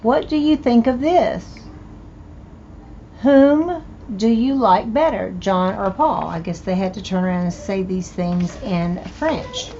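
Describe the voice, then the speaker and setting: A woman's voice: mid-range voice, expressive, slow, warm tone, lo-fi sound, slight background noise. An older woman with a Southern US accent, hosting a casual thrift-haul video and chatting with delighted exclamations over her finds. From American South. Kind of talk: casual show-and-tell.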